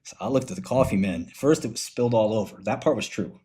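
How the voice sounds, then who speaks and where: A man's voice: fairly low pitch, quick pace, mellow. A man hosting a casual livestream, talking loosely and full of slang while he clicks through research. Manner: loose, slangy storytelling, calls listeners bro. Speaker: finance streamer and host.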